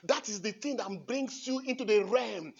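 A husky-voiced male priest delivers a fervent homily in a church, dropping to near-murmurs and then rising to shouts, and repeating his phrases for emphasis. The recording sounds dull and lo-fi. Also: high voice, normal speed. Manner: emphatic, repeats phrases, swings from hushed to shouting, laughs often. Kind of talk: impassioned homily.

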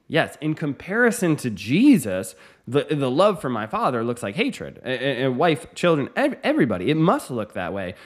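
Man preaching, earnest, emphatic, lively rising and falling pitch, mid-range voice. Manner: earnest, emphatic, shifts between fast asides and slow stressed lines. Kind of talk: sermon teaching.

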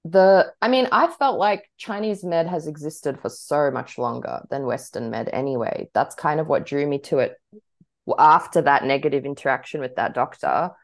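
A young woman co-hosting a podcast, chatting casually, laughing often and talking in bursts with lots of fillers. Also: low voice. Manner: bubbly, laughs often, talks in quick bursts with many fillers. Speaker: podcast co-host. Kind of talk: casual chat.

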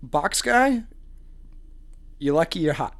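A man's voice: on the high side, lively intonation, slow, a bit bright. Playful joking young-sounding man. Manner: joking, laughs often, playful rants. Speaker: podcast co-host. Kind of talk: casual chat reviewing a dating show.

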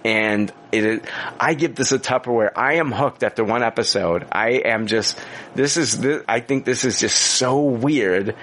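Swearing, animated male podcast co-host. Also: medium pitch, moderate pace, a little hiss or hum. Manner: animated storytelling, heavy swearing and filler words. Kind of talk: casual chat.

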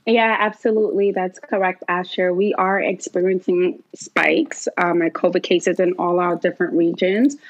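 A woman's voice: on the low side, steady tone, moderate pace, few pauses, no room sound, highs cut off. Upbeat woman with a New York accent. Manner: upbeat, friendly, fillers. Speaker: podcast guest, group travel curator. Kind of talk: casual podcast interview.

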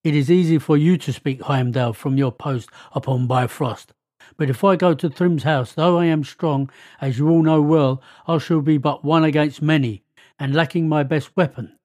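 A man's voice: a little high, fairly even intonation, normal speed, darkish tone, no room sound, studio quality, close to an everyday voice. A man voicing an impatient, mighty male thunder god in a read-aloud myth.

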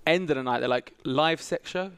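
Young host, clear higher voice, dry mic, crude and blunt. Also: male voice, moderate pace, a bit bright, no room sound. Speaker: podcast host. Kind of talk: casual crude chat.

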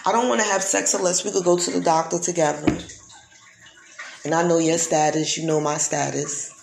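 A woman's voice: lowish voice, fairly even intonation, normal speed, gravelly, background noise. A woman vlogger in a casual monologue, talking emphatically and preachily, often repeating herself. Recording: echoey room.

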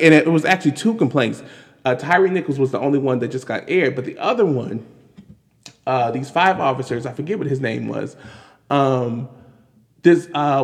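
A man giving casual, animated commentary on news, exasperated and full of restarts and fillers. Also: a little high. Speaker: commentary vlogger. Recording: long hall reverb.

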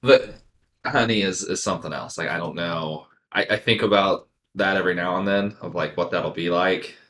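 A man telling a story in a loose, rambling way and leaning on "like" again and again. His voice sits a little low, with nothing forced about it. It sounds like an easy, casual podcast chat. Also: normal speed, fairly bright tone, a little hiss or hum. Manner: rambling, heavy use of "like" fillers.

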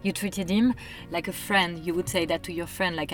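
A woman's voice: fairly low pitch, fairly even intonation, brisk, few pauses, soft background music. A woman, earnestly making her case in a casual conversation. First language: French. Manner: earnest, emphatic, persuasive.

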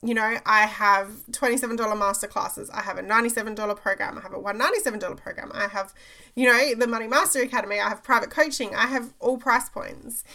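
A woman's voice: a little high, steady tone, quick pace, sharp tone. A woman, a business coach giving an emphatic motivational talk, repeating phrases and checking in with "okay?".

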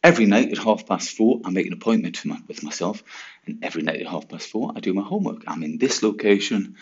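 A diligent schoolboy coaching himself through his homework, as a man puts him on in his own low, gravelly voice. He speaks plainly and matter-of-factly, like he is talking to himself. The sound is dull and lo-fi. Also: animated, fast. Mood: self-coaching. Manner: self-talk, matter-of-fact.

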